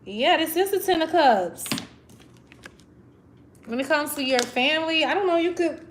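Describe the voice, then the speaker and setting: A woman's voice: sits high, expressive, normal speed, slight background noise. A woman reading tarot cards on a livestream, talking effusively and getting emotional. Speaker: tarot reader.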